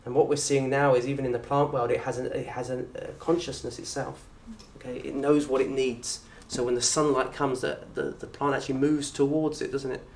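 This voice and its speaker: A man with a southern English accent teaching an Arabic course in a lecture room. He talks in a lively way, quizzes the audience and acts out little scenes. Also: medium pitch, brisk, hardly any pauses, a little hiss or hum. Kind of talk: lecture to an open day audience. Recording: roomy echo from a distant mic.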